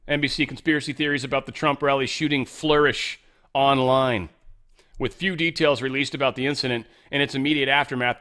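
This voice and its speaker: A man's voice: mid-range voice, sharp tone. Sarcastic man ranting over headlines. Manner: sarcastic, reads headlines aloud and rants. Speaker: host. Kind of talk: political commentary.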